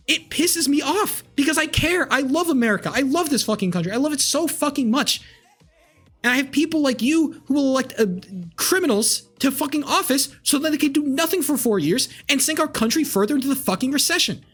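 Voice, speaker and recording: A man's voice: extremely high pitch, lively intonation, brisk, fairly bright tone, faint music behind. A man in his twenties, a streamer, ranting angrily at his live chat with lots of swearing and repetition. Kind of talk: heated rant to live chat.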